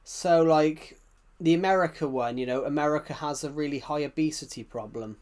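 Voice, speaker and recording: A man's voice: fairly high pitch, moderate pace, a little mellow. A man with a British accent, chatting casually on a live game stream, rambling and answering chat messages with frequent restarts. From United Kingdom.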